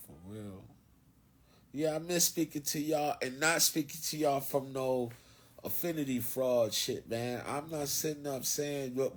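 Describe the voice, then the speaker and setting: A man's voice: fairly high pitch, husky. A man with a Philadelphia accent talking loosely and profanely to viewers on a phone livestream, swaggering and preachy. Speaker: livestream host. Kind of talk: casual livestream monologue.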